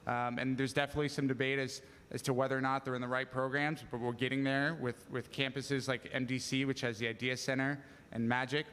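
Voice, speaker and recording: A man's voice: mid-range voice, flat delivery, fairly quick, hardly any pauses, a bit bright, smooth. A man on a panel answering an audience question in a concise way, laying out facts and figures. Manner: concise, fact-driven. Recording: long hall reverb.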